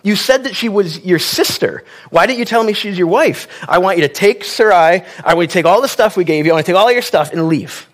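A man voicing an indignant ancient king who scolds someone with rapid, exasperated questions. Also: high voice, lively intonation, voice pushed up. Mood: scolding.

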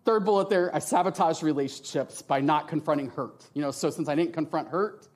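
Middle-aged man, church testimony speaker, passionate, expressive, emotional. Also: on the high side. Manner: passionate and expressive, often asks "right?". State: tearful at times. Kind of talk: emotional testimony talk with slides.

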